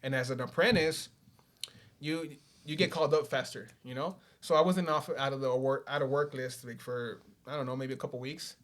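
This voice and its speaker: A man's voice: mid-range voice, fairly even intonation, brisk, fairly bright tone. Laid-back cursing man. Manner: laid-back, swears freely, keeps saying "you know". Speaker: podcast guest. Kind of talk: casual storytelling.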